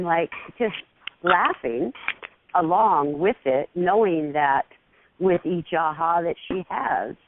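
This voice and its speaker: Slow, giggly woman on a phone line. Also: fairly low pitch. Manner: giggly, meandering, drawn-out phrasing. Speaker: caller. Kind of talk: rambling spiritual chat.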